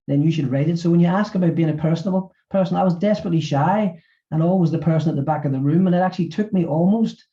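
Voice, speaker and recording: A middle-aged man, an author and former physiotherapist, speaking in a webinar interview and talking haltingly with many repeated words. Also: high voice, dark tone, dull audio.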